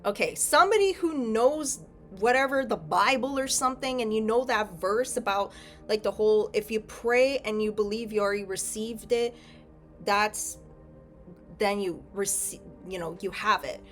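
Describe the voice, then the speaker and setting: A woman's voice: mid-range voice, moderate pace, a bit bright, faint music behind. A young woman giving a casual tarot reading, rambling and correcting herself, often checking in with "okay?". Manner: chatty, rambling, frequent self-corrections and "okay?". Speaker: tarot reader.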